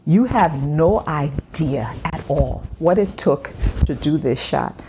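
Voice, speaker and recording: A middle-aged woman hosting a faith podcast from her home, talking in an encouraging way and slowing down to stress her points. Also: low voice, lively intonation, mellow, a little hiss or hum. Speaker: podcast host. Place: home room at a glass table.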